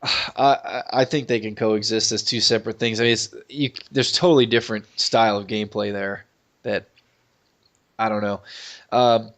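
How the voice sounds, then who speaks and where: A man's voice: on the low side, fairly even intonation, moderate pace, a bit bright. A man co-hosting a gaming podcast in casual chat, talking up things in eager detail. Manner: chatty, talks up food in eager detail. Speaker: podcast co-host.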